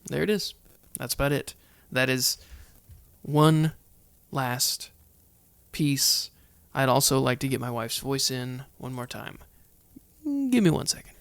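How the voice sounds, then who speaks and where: A man's voice: mid-range voice, lively intonation, takes it slowly, gravelly, pauses often, a bit bright, clean tone, dry recording. A man hosting a solo Bible study podcast, chatty and heartfelt, thinking aloud as he goes. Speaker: podcast host.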